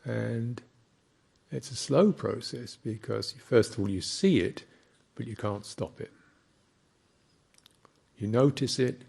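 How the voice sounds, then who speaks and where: A male Buddhist teacher gives a dharma talk, very slow and reflective, with pauses between phrases. His voice sits a little low and has a husky, gravelly grain. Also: dark tone.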